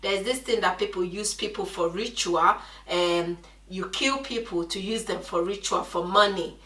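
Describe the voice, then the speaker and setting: Cooking at home, a Nigerian woman vlogger tells viewers a story with animated chatter in her Nigerian accent. Her voice is mid-range and sharp in tone at a moderate pace, recorded from a distance in an echoey kitchen.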